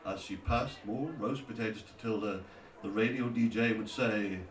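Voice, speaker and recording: A man's voice: lowish voice, moderate pace. A man narrating a scripted memoir, wry and mocking as he tells it. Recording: roomy echo, distant from mic.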